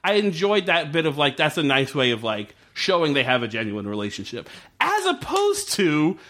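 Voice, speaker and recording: A man's voice: on the high side, huge pitch swings, normal speed, a bit bright. A man co-hosting a podcast, chatting casually about a TV show in a rambling, profane way, with many "like"s. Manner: rambling, profane, heavy use of "like". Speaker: podcast co-host. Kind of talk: casual chat reviewing a TV show.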